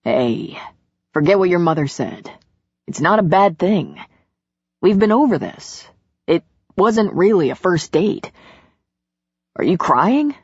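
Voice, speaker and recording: A woman voicing a gentle, reassuring man in a romance audiobook, speaking low, soothing and teasing. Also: very animated, slow, pauses often, slightly rough, dry recording, exaggerated voice. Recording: dull lo-fi audiobook recording.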